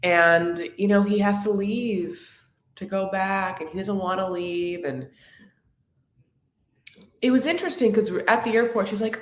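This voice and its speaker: A woman's voice: mid-range voice, measured pace. A woman hosting a live chat recap of a reality show, sassy and chatty, calling her viewers honey. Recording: echoey room.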